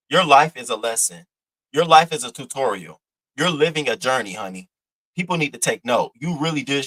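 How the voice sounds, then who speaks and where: A man's voice: medium pitch, bright, forceful tone, rough recording. A man giving blunt, profane, mocking reaction commentary, lecturing his viewer in AAVE. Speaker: commentary host.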